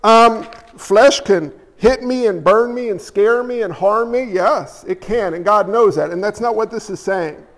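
A man preaching a sermon in a church, talking in an animated, emphatic and blunt way. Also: high voice, a little slow, long reverb tail. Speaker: pastor.

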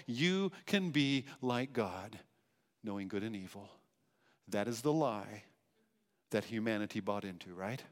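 A man's voice: mid-range voice, lively intonation, measured pace. A man preaching a sermon, emphatic, asking rhetorical questions and repeating phrases. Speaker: pastor. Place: church hall. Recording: long hall reverb.

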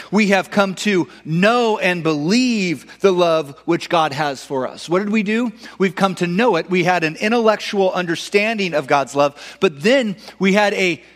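A man preaching a sermon earnestly, building to emphatic peaks and easing into soft, low endings. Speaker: pastor. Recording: long hall reverb.

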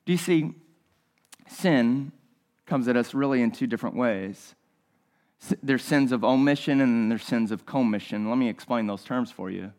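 A man's voice: mid-range voice, moderate pace, a little mellow. A male pastor preaching a sermon, repeating his phrases and asking the listeners rhetorical questions.

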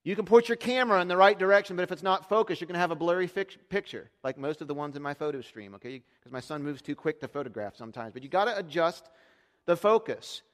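A man in his thirties preaching a sermon as pastor, getting loud and high on quoted lines and dropping quiet for asides. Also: expressive, quick pace. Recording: long reverb of a large hall.

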